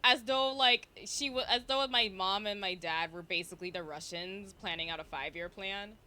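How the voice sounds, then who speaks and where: A young woman streamer in casual chat, rambling with lots of fillers and a slight vocal fry. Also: medium pitch, normal speed, sharp tone. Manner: chatty, rambling with fillers and self-interruptions.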